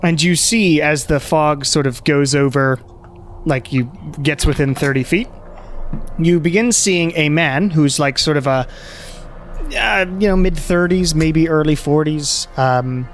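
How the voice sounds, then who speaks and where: A man narrating as game master of a tabletop game, halting with many fillers. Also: fairly high pitch, slight background noise.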